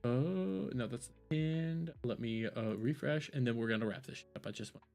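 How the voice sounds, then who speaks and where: A man's voice: medium pitch, moderate pace, creaky, darkish tone, faint music behind. A man live-streaming commentary on clips, swearing and exasperated, often laughing in disbelief. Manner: profane, exasperated, breaks into incredulous laughter.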